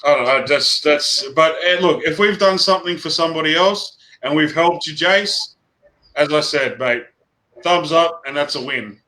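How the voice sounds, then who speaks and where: A middle-aged Australian man co-hosting a casual chat show, talking in an animated, rambling, blunt way. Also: fairly high pitch, normal speed, rough recording. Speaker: co-host.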